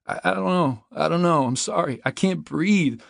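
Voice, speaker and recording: A man's voice: mid-range voice, sing-song, a little slow, gravelly, fairly bright tone, dry recording, studio quality, voice pushed up, exaggerated voice. A man voicing a panicked young man who is trapped and begging desperately to be let out. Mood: desperate pleading. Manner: pleading, whimpering.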